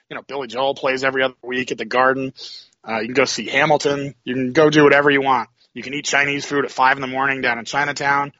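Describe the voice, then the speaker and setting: A man hypes his tournament in upbeat casual talk. His voice is bright and forward. The line sounds muffled and dry. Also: medium pitch, no echo. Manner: upbeat promotional hype. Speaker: tournament organizer. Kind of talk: casual chat.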